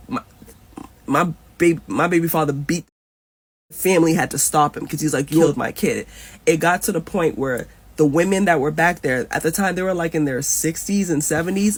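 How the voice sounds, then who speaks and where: A woman's voice: sits low, normal speed, breathy edge. A woman in her thirties telling an emotional personal story in a casual storytime. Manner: emotional, animated retelling.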